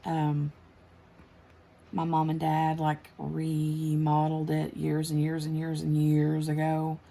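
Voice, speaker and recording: A woman's voice: deep voice, mellow. A woman, chatting casually on her craft channel while she works, rambling with lots of fillers and restarts. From United States.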